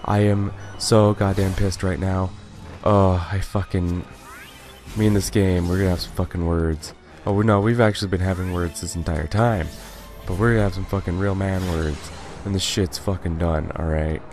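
A man's voice: low voice, steady tone, normal speed, darkish tone. Foul-mouthed young man ranting at a game. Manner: profane, exasperated ranting. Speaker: gaming YouTuber. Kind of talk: let's play commentary. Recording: faint game music behind. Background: game music.

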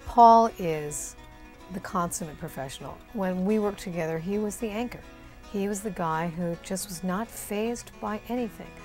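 A woman reading scripted narration for a biography documentary in a measured, even way. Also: mid-range voice, faint music behind.

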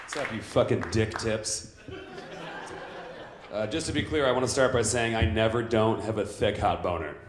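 A man's voice: on the low side, moderate pace, pauses often, a crowd in the background, lightly acted. A man playing a boastful, vain macho villain at a live stand-up roast, brash and crudely insulting everyone in turn. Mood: smug. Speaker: roast comedian in character. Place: comedy club stage. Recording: roomy club sound.

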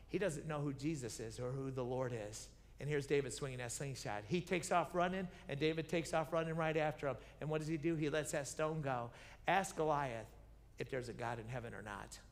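Pastor in the pulpit, a man with a high voice, retelling Bible stories with gusto, repeating his points, in a reverberant sanctuary. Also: normal speed. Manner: animated storytelling, acting out biblical characters' lines; repeats key phrases, asks the congregation questions. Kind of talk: sermon. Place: church sanctuary. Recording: reverberant church sanctuary broadcast.

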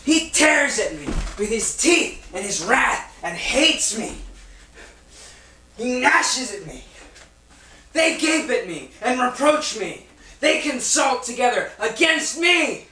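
A man's voice: very high voice, big pitch swings, takes it slowly, pushed and bright, a little hiss or hum, heavily acted. A man playing Job, a suffering man in agony who groans and cries out in a stage play, recorded in an echoey room from far off. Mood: anguished. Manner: anguished, crying out and groaning.

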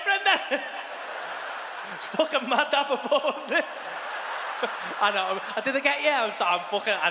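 A man tells a sweary stand-up story live, loud and animated, often breaking into laughter. His voice sits high. It rings through a big reverberant arena over clear crowd noise. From England. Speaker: stand-up comedian. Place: large arena stage.

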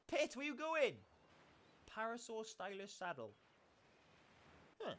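A man giving excitable let's-play commentary while he plays, exclaiming and swearing often. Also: high-pitched, measured pace, pauses often. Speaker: gaming YouTuber.

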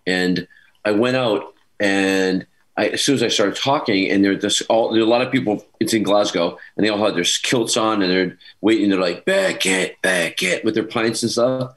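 A man on a video call from home, telling a con anecdote as a panel guest in a lively, rambling way. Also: fairly low pitch, moderate pace, rough recording. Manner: lively storyteller, many restarts and asides. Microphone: video call mic.

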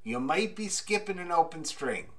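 Man coaching a fiddle class, higher voice. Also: very animated, normal speed. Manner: casual, coaching, with lots of "you know" and "like". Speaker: fiddle teacher. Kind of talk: teaching an online group fiddle class.

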